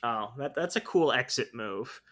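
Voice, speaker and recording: A man co-hosting a podcast, chatting casually and joking quickly. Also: mid-range voice, expressive, a bit bright. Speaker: podcast co-host. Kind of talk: casual chat.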